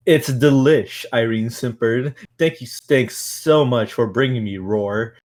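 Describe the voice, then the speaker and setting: A man's voice: mid-range voice, expressive. Man reading a book aloud, stumbling. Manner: reads in a halting way with stumbles and stifled laughter. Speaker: streamer reading a novel aloud. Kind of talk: casual reading aloud with commentary.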